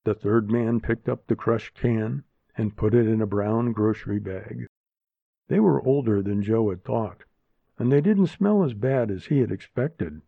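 A man narrates a story in a measured, steady way. His voice is gravelly and his pace unhurried. The recording is dry and thin, like a phone line. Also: lowish voice, no room sound. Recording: narrow phone-like sound, dry.

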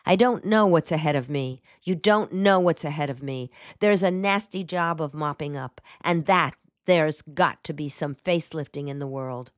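A woman's voice: deep voice, moderate pace, hardly any pauses, no echo, studio quality, close to an everyday voice. A woman voicing an earnest young male soldier who speaks in terse, clipped sentences.

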